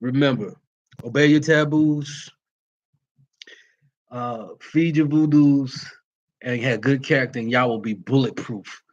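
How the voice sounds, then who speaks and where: Addressing followers as "y'all" during a relaxed livestream, this Vodou priest talks in a plain, folksy way. He has a medium-pitched voice, speaks a little slowly, and pauses often, while the recording has its highs cut off.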